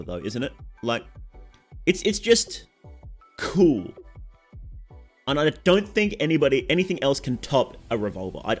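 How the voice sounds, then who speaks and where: A young Australian man with a sore throat chatting casually on a game stream, reading out chat and answering it. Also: mid-range voice.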